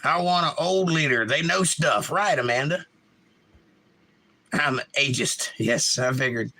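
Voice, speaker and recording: Guy hosting a live stream, bright forceful voice, kinda high, blunt and opinionated. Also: lively intonation, a little slow. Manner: opinionated, reads chat aloud and talks back. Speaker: livestream host. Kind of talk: casual live-stream chat.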